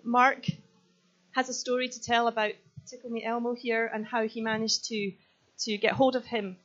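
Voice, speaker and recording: A woman's voice: a little high, flat delivery, normal speed, fairly bright tone. A Scottish woman in her thirties preaching a sermon, joking with the audience and then speaking with earnest urgency. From Scotland. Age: 30s. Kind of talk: sermon with props and stories. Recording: slightly dull, lo-fi sound.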